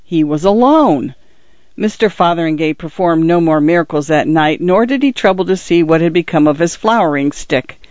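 A man reads a story in a measured, steady way. His voice sits a little high. The recording is dry and slightly dull. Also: no room sound. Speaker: narrator. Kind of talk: scripted audiobook narration. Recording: dry, somewhat muffled recording.

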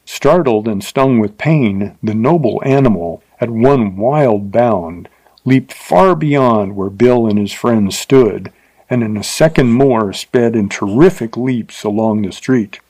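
A male narrator reads an old Western story in a steady, measured way. His voice sits at a middle pitch for a man. The recording is close and dry, with no room sound. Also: no room sound, poor audio. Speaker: audiobook narrator. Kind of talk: scripted narration of a Western novel.

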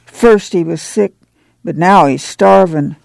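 A woman voicing a frightened farm boy who speaks in a croaking monotone. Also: fairly low pitch, slow, dry recording. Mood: flat.

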